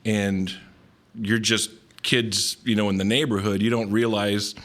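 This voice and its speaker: A man's voice: fairly low pitch, level tone, measured pace, a bit bright. A man in his forties with a Southern Californian accent, telling stories as a podcast guest in an easygoing way, mixing in Spanish slang. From Mexico, raised in Southern California. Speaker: guest, pedal builder. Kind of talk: casual podcast chat.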